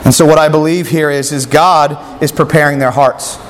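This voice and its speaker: A man preaching a sermon in a fairly high voice, pressing his listeners with rhetorical questions as he works through scripture. His words ring out with a long reverb, and there is a faint hiss of noise underneath. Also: steady tone, normal speed.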